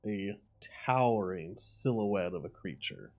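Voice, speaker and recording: A man running a tabletop game as dungeon master, calmly describing the scene to his players. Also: low-pitched, measured pace, gravelly.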